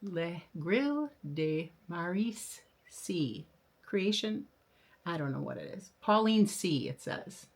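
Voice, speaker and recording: An older woman hosts a flosstube video, chatting casually and enthusiastically about her new patterns in a show-and-tell style, with frequent fillers and restarts. Her fairly low voice is expressive and slow.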